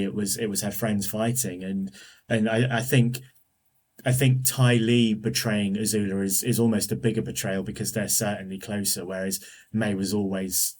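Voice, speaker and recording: A man talking as a guest on a podcast, enthusiastic and often restarting his sentences. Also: lowish voice. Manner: enthusiastic, many restarts and fillers. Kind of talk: casual podcast discussion.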